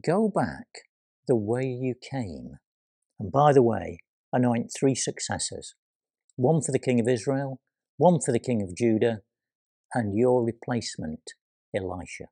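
A man preaching a sermon, retelling scripture with dramatic pauses and hushed quoted voices. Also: medium pitch, very animated, breathy edge, dry recording, studio quality.

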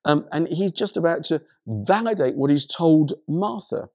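Male pastor preaching, animated, lots of st-stammered restarts, slightly high voice, dry close sound. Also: normal speed, dry recording. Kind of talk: sermon.

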